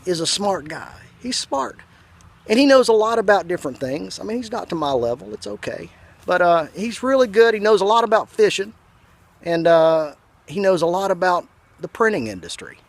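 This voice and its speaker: A man with a Southern US accent telling a folksy comic story in a slow, drawling, deadpan way. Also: high voice, gravelly. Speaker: comedian.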